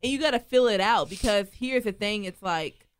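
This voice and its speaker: A young woman in her twenties in casual chat, measured as she plays devil's advocate. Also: medium pitch, a little hiss or hum.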